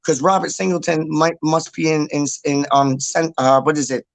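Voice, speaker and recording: A man's voice: a little high, fairly even intonation, normal speed, vocal fry, no echo. A man hosting a casual livestream, rambling and repeating himself as he reads out comments and swears in passing. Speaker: livestream host. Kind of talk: casual chat reading viewer comments.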